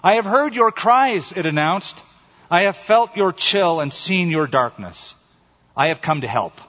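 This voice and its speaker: A preacher playing a calm, patient stranger. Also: male voice, a little high, measured pace, breathy edge, heavily acted. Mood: reassuring. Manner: calm, reassuring. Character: calm, patient male stranger who brings fire. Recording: long hall reverb, dull lo-fi sound.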